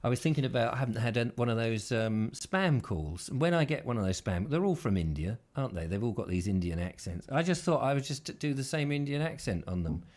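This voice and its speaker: A man's voice: mid-range voice, expressive, brisk, hardly any pauses, a little mellow. A man hosting a casual chat show, rambling and hesitant, full of fillers and restarts. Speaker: host.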